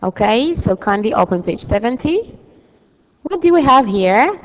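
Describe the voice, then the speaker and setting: A woman's voice: fairly high pitch, sing-song, a little slow, rough recording. A woman teaching an English lesson, explaining patiently with frequent fillers. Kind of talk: classroom lesson.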